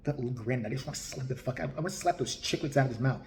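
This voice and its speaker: A man's voice: medium pitch, racing, slight background noise. Profane ranting man in a roomy echo. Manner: crude, profane, mocking. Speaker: host. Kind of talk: ranting comedic commentary.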